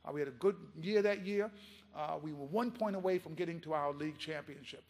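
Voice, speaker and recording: A man giving a keynote speech, telling a story in an impassioned, animated way. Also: fairly high pitch, fairly quick, long reverb tail. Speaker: keynote speaker.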